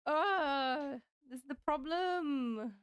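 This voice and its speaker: A woman's voice: high voice, drawn-out words. A British woman streaming live gameplay, playful and exclamatory, laughing often as she chats to viewers.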